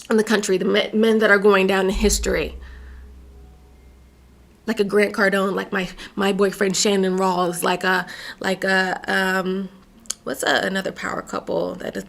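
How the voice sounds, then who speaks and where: A woman's voice: mid-range voice, gravelly, fairly bright tone. A young adult woman from Virginia hosting a solo podcast, delivering emphatic, sassy, opinionated commentary. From Virginia, USA. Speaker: podcast host.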